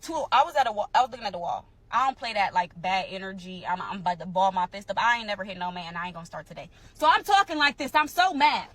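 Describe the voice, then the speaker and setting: A young adult woman telling a personal story in a casual, animated way to her followers. She repeats phrases for emphasis. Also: mid-range voice, quick pace, hardly any pauses. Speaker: storyteller in a social media clip.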